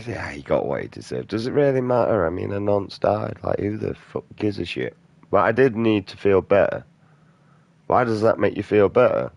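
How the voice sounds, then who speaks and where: A man's voice: on the low side, sing-song, normal speed, vocal fry, a little mellow, no echo. A man, a gaming streamer delivering an aggressive, profane rant in blunt slang. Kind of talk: angry off-topic rant during gameplay.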